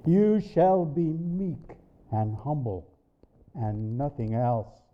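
A man voicing a firm, commanding divine male voice that speaks slowly and solemnly. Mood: stern. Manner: slow, low and solemn. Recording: dull lo-fi recording.

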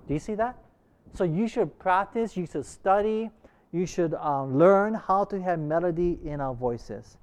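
A man teaching a Bible study class, pitched a little high for a man. He talks in a loose, conversational way, firing questions at the group and circling back to restart his sentences. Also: lively intonation, a little slow, a little mellow, clean tone. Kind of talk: interactive preaching class.

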